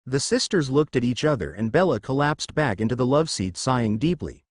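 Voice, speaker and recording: A man narrating a fan fiction story in a steady, expressive storytelling voice. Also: medium pitch, fairly quick, hardly any pauses, no echo, studio quality.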